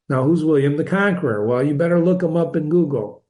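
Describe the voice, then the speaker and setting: A man's voice: on the high side, a little fast, dark tone. An older man reading a classic novel aloud and explaining it like a teacher, in a chatty, digressive way with chuckling asides. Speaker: reader and teacher.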